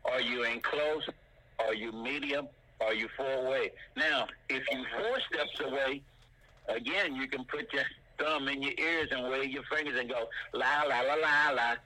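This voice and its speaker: An older man teaching martial arts in an animated way, punctuating his points with sound effects like boom and bam. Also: moderate pace, low-quality recording.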